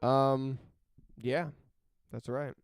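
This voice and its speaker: Man from canada, co-host, joking around, smooth clear voice, dry close sound. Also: medium pitch, fairly even intonation, drawn-out words, no room sound. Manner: bantering, crude joking. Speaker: co-host of a live call-in show. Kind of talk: casual live call-in chat.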